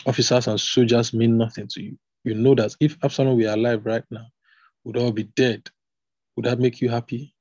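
A man reading the lines of a stern male army commander who bluntly scolds the king, in a husky voice. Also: medium pitch, level tone, brisk, darkish tone, no echo, muffled recording, lightly acted. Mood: scolding.

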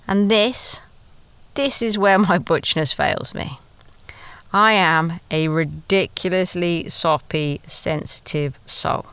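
Smooth-voiced woman telling her story. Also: on the low side, fairly bright tone, no echo. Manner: confiding, self-deprecating, chatty asides. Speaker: podcast storyteller. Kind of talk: first-person storytelling.

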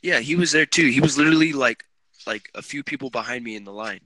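A young man hosting a casual podcast chat, telling animated stories with lots of swearing. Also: medium pitch, quick pace, dry recording. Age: young adult. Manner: animated, swearing, laughing storyteller. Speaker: podcast host.

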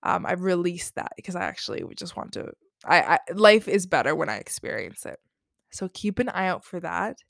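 A woman's voice: lowish voice, sing-song, brisk, creaky, no echo, studio quality. A young woman hosting a spiritual podcast, talking casually and effusively and swearing freely. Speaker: podcast host.

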